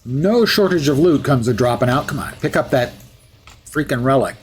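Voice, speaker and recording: A man's voice: mid-range voice, expressive, moderate pace, a little hiss or hum. A man streaming live, chatting through gameplay with wry asides and jokes.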